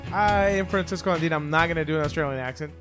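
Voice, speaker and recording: A man's voice: on the high side, rapid-fire, over music. Laughing, loose-talking man co-host. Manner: laughs often, loose and profane. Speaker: podcast co-host. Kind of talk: casual movie podcast banter.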